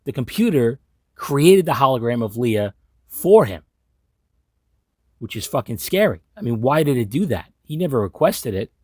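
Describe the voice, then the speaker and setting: Man, husky, sarcastic, profane, casual commentary, dry close recording. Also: medium pitch, sing-song, normal speed, no echo. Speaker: commentary host.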